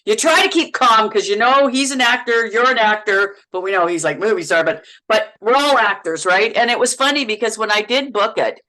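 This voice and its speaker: A middle-aged woman from Canada, an actress and podcast guest, telling on-set stories in a lively, laughing way, often repeating words as she goes. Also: a little high, fairly quick, few pauses, low-quality recording. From Canada, Manitoba. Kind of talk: casual interview chat.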